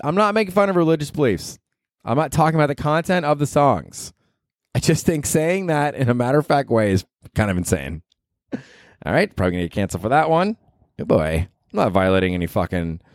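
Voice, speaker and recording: A man's voice: mid-range voice, a little mellow, no room sound, studio quality. A young man hosting a comedy podcast, rambling and cursing in a self-mocking way. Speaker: podcast host. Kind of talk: casual comedic monologue.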